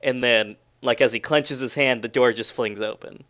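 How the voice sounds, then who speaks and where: A man runs a tabletop game as game master, narrating in a playful, chatty style. His mid-range voice is fairly bright, with fairly even intonation and a normal speed.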